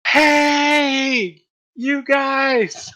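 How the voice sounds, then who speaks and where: A man voicing a naive, cheerful young woman who shouts eagerly in a high voice. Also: fairly even intonation, drawn-out words, full character voice.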